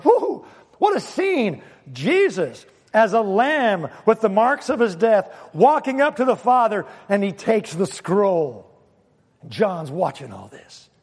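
Man preaching with a scratchy throat, high voice, big emphatic bursts, echoey church hall. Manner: animated, emphatic preaching with sudden loud exclamations. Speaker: pastor. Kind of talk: sermon.

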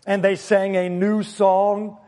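Casting: male pastor, scratchy throat, high voice, emphatic sermon delivery, long church-hall reverb. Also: slow pace. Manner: animated, emphatic preaching with sudden loud exclamations.

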